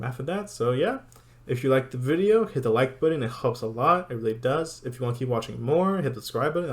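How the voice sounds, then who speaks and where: An excited man recaps an anime episode in a loose, rambling way. He breaks into laughter often, and his voice sits at a middle male pitch.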